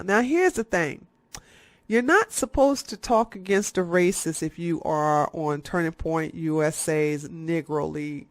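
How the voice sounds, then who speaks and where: A YouTube commentator giving satirical, ranting commentary, profane and sarcastic, firing off fast bursts of talk. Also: mid-range voice, lively intonation, dry recording.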